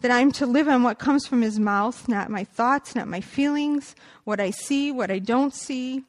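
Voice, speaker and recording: A woman's voice: a little high, normal speed. A woman giving a personal faith testimony, earnest and reflective, partly reading aloud and quoting scripture.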